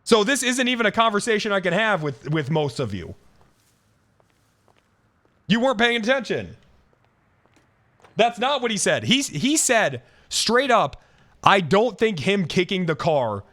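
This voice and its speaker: A man streaming live, venting at his chat in a heated, profane rant. He restarts his sentences and repeats himself. His voice sits a bit high and leaps up and down. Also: sing-song, unhurried, pauses often, bright, forceful tone.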